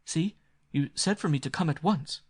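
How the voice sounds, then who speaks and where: A man's voice: a little high, normal speed, husky, voice pushed up. A man voicing a frightened, sheltered young woman who stammers and pants as she speaks. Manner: stammering, breathless. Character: frightened, refined young woman fresh from the city.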